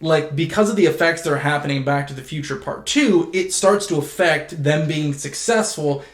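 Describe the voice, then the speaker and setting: Male co-host, easygoing film recap, talky with lots of "like"; slightly raised pitch, roomy sound. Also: fairly quick. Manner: chatty, says "like" and "yeah" a lot. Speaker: podcast co-host. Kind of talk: casual chat recapping a film.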